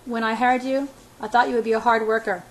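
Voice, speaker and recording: A contemptuous, volatile male boss, as a woman reader puts him on, pressing and sneering. The voice sits a little high and somewhat loud. It is read from a storybook. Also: steady tone, fast talker, slight background noise, natural voice.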